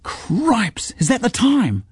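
A man's voice: very high voice, wildly swooping pitch, takes it slowly, slightly rough, dry recording, clean studio sound, voice pushed up, heavily acted. A man doing a nervous young boy. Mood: alarmed. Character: young boy, anxious, scrappy.

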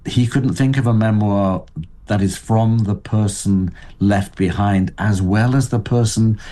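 An older man speaking as an interview guest, thoughtful and halting, with frequent restarts. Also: fairly low pitch, fairly even intonation, dark tone. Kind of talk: reflective interview talk.

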